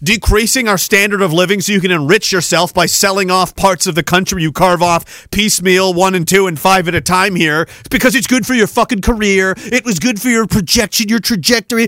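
A podcast host in a heated, sarcastic, profanity-laden rant. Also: male voice, high voice, fairly even intonation, brisk, few pauses, pushed and bright, dry recording, studio quality. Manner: heated, sarcastic, swears often.

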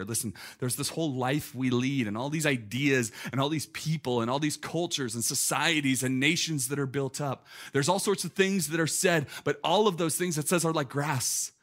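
A man in his thirties, a pastor preaching a conversational, lively sermon full of "like" and "listen". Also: mid-range voice. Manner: conversational, animated, peppered with "like" and "listen".

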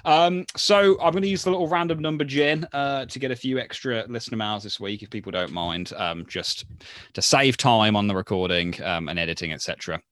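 A man co-hosting a podcast in casual chat, reading out listener mail with relaxed fillers. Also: medium pitch, fairly quick, no room sound. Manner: relaxed, chatty, hesitant fillers. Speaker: podcast co-host. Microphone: handheld mic held close.

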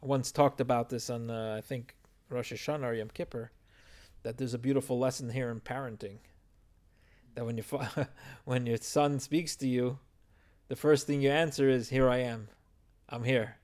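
A man's voice: medium pitch, fairly even intonation, normal speed, a little mellow. A man teaching a verse-by-verse Torah text study, explaining and translating Hebrew phrases as he goes.

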